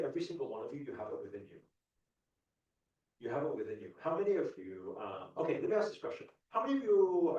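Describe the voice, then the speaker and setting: A man in his thirties leads a motivational talk in a large hall and keeps asking the audience questions. His voice booms back in a very echoey space. He stands well away from the microphone. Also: a little mellow. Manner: questions the crowd, repeats lines for emphasis. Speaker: spiritual teacher. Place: large hall at a live event. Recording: echoey hall, speaker far from mic.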